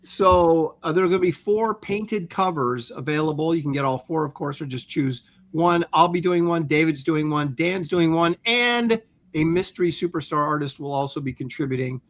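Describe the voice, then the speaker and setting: A man with a slightly higher-pitched voice co-hosts a relaxed livestream. He reads out viewer comments, pausing often with filler sounds, and slips into playful mock outrage. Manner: halting with many ums, mock-stern banter. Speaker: co-host reading viewer comments. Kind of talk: casual livestream chat.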